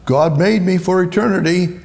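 A man's voice: sits high, moderate pace, creaky, darkish tone. A man preaching a sermon, rambling and emphatic, often repeating himself for stress. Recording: echoey hall with long reverb.

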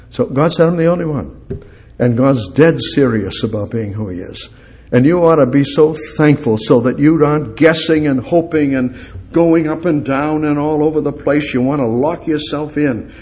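An older man preaching a sermon and leading a prayer, swinging from loud emphatic bursts down to quiet, low phrases. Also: moderate pace. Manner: animated, swings from loud emphasis to quiet, reads scripture aloud.

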